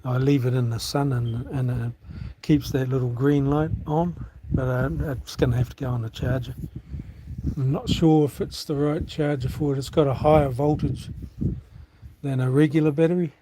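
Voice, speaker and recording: Outdoors on farmland, a New Zealand man livestreams from his phone, rambling, swearing offhandedly and thinking aloud in casual chat. His voice is medium-pitched and steady at a normal speed, with background noise behind it.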